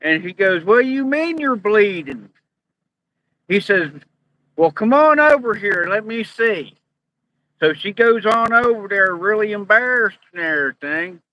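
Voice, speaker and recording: A man telling a long joke in an earnest, deadpan drawl. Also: sits high, a little slow, muffled recording.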